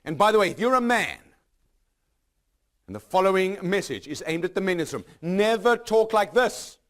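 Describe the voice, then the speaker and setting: A man with a high voice gives an unscripted motivational speech to a live audience. He talks emphatically, stacks short repeated lines, and keeps asking the room rhetorical questions. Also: big pitch swings, fairly quick, a bit bright. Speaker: motivational speaker.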